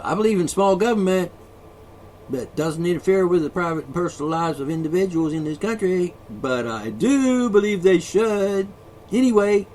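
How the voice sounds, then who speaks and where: A man's voice: fairly high pitch, a little mellow, slight background noise. A man ranting alone, profane and sarcastic, mocking the people he is angry at. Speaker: ranting vlogger. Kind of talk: angry solo rant.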